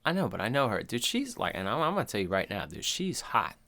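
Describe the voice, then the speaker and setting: A man's voice: lowish voice, big pitch swings, quick pace, gravelly, sharp tone. Profane, rambling podcast guy. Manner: loose, profane, rambling retelling with quoted voices. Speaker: podcast co-host. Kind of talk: casual chat.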